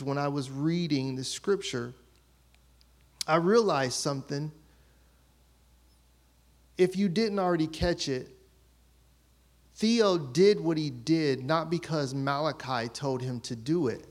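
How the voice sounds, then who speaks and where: A man's voice: fairly high pitch, takes it slowly, long pauses. A man in his thirties preaching a sermon as pastor, telling a story about his children and acting out their voices.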